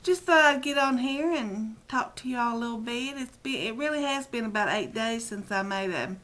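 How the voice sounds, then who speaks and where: Here the middle-aged woman talks to her webcam at a normal speed, her voice a little high, animated and a bit bright. Her casual vlog chat wanders as she mocks herself, teary and almost crying.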